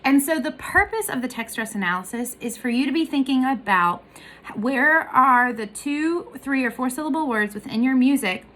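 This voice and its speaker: A woman's voice: sits high, lively intonation, normal speed, pushed and bright. A woman giving a casual music lesson, explaining in a chatty way and singing short examples. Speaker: voice teacher.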